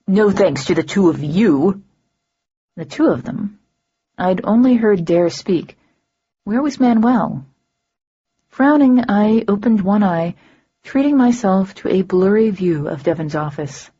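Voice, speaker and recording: A woman reads a first-person fantasy novel with a dry, sardonic edge. Her voice sits low and sounds husky and mellow. The recording has a dull, muffled quality. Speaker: audiobook narrator. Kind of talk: first-person audiobook narration.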